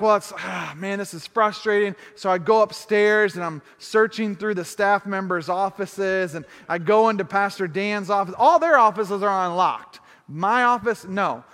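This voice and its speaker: Male pastor, high voice, lively sermon storyteller, echoing church hall. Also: smooth. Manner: animated, self-deprecating humor, acts out his own thoughts.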